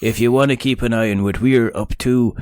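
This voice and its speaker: A man's voice: medium pitch, steady tone, fairly quick, darkish tone, dry recording. A man hosting a podcast interview, teasing his guests and laughing often as he rambles. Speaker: podcast host.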